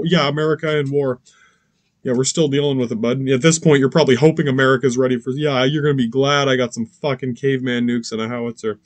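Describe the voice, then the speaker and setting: A man's voice: mid-range voice, a little mellow, no echo. Rambling, foul-mouthed male podcast host, dry sound. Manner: rambling, swearing, many restarts and asides. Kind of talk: casual profane rant.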